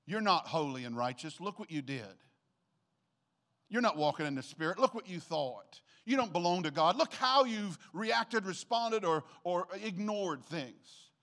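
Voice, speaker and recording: A man acting as an accusing male spirit within a sermon, in a scolding, rapid-fire manner. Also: sits high, animated, fairly bright tone, exaggerated voice. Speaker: voice of the enemy in a sermon. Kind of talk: acted quote in a sermon.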